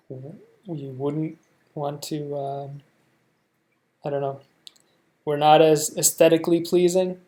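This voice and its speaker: A young American man reacting to a show, thinking out loud in a rambling way, full of fillers and restarts. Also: a little high. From United States. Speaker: reaction video host. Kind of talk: casual reaction commentary.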